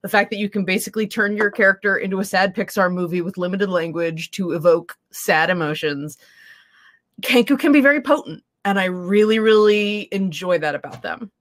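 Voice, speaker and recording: A woman's voice: medium pitch, a little fast. A woman co-hosting a casual tabletop gaming stream, talking reflectively with lots of fillers. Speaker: co-host, dungeon master. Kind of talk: casual chat.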